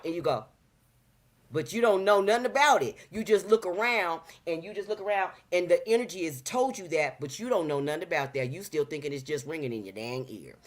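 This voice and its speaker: Woman in her 50s, lower voice, talks slangy and preachy, keeps acting out quotes. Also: animated, brisk. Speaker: talk show guest. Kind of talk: casual chat.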